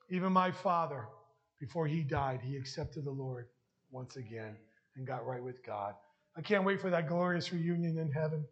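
A man's voice: on the high side, fairly bright tone, lo-fi sound. A man preaching a heartfelt sermon and sharing his testimony, emotional at times. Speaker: pastor.

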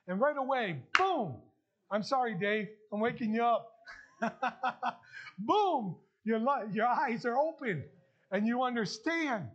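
A man preaching a sermon as pastor, emphatic and rising to loud bursts. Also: sits high. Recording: dull lo-fi sound.

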